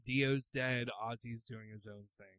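A man co-hosting a comedy podcast, dropping deadpan one-liners in casual chat. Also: mid-range voice, measured pace, clean tone, no room sound. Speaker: podcast co-host.

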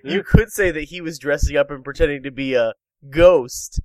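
A podcast host with a voice on the high side and a darkish tone talks at normal speed, joking, punning and reading out news stories in a casual comedy show. The recording is dry and low in quality.

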